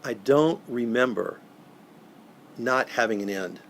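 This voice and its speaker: An older man, a professional Santa, telling a moving story in an interview, earnest and halting, often repeating words. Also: medium pitch, slight background noise.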